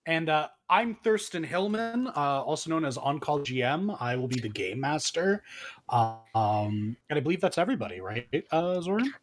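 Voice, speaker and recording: A man's voice: fairly high pitch, sing-song, moderate pace. A man introducing himself as game master in a friendly, hesitant way. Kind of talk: casual chat.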